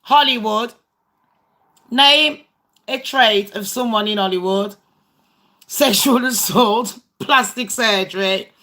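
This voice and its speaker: A woman's voice: fairly high pitch, slow, pauses often, bright, forceful tone. A woman hosting a casual livestream game with her viewers, blunt and foul-mouthed. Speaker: livestream host.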